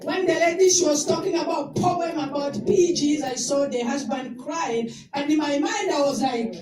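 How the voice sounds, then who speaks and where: Brief: woman from Rwanda, high voice, impassioned memorial speaker, distant mic with a crowd behind. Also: normal speed, few pauses. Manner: emotional, rising to loud exclamations. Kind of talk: impassioned tribute speech. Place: indoor event hall. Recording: echoey hall recorded from far off with crowd. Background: crowd of attendees.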